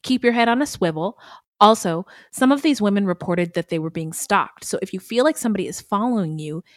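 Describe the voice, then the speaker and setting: A woman co-hosting a podcast in casual chat, animated and blunt, swearing freely. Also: mid-range voice, a little fast, no echo, studio quality. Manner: animated, swearing, bursting into laughter. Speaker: podcast co-host.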